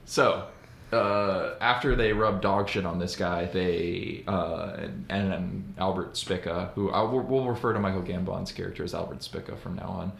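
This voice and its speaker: A man's voice: low-pitched, fairly even intonation, moderate pace, creaky, a bit bright. A man co-hosting a podcast, casually recapping a film scene by scene with lots of fillers. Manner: rambling recap with fillers and laughs. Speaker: podcast co-host. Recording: roomy echoey room with faint noise.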